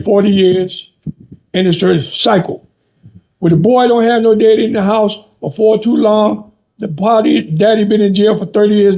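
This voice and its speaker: An older man from the United States speaks as an interview guest with a fairly high, gravelly voice. He preaches in long, impassioned stories and slips into the voices of the people he quotes. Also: darkish tone. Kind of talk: impassioned storytelling talk.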